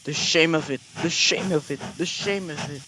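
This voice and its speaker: Man voicing a pompous grumbling big storybook engine, slow chanted complaints. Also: high voice, lively intonation, heavy background noise, voice pushed up. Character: big proud grumbling male steam engine.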